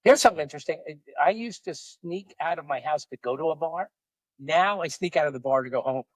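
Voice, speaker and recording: A man's voice: a little high, lively intonation, quick pace, no echo, rough recording. A man co-hosting a podcast, joking around and telling a long story joke in playful banter. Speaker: podcast co-host.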